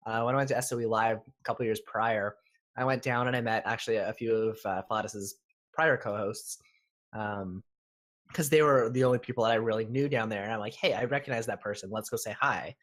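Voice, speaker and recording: A man's voice: lowish voice, fairly even intonation, brisk. A man from Canada co-hosting a gaming podcast, telling stories in an easygoing way. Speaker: podcast co-host. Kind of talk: casual chat.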